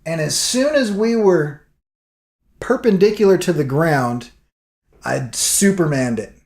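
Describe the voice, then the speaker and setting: A man's voice: a little high, measured pace, reverberant. A man vlogging, telling a story casually and acting out what people said. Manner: animated storyteller acting out quotes.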